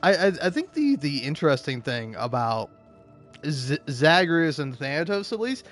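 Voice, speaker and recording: A man streaming and chatting casually, rambling with lots of profanity and stumbling restarts, breaking into high-pitched rants. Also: sing-song, normal speed, a bit bright, faint music behind. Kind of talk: casual chat while gaming.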